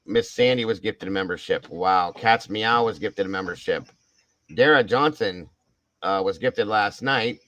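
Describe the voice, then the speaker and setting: A man's voice: fairly low pitch, unhurried, bright, forceful tone, low-quality recording. An older man hosting a casual live stream at home, effusively thanking viewers one by one. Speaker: livestream host.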